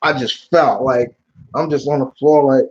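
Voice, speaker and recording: Male streamer, mid-pitched, casual slangy storyteller, slightly muffled lo-fi audio. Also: unhurried, slightly rough. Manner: rambling, animated storytelling with slang and restarts. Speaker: YouTube channel host answering live chat questions. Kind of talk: casual live Q&A chat.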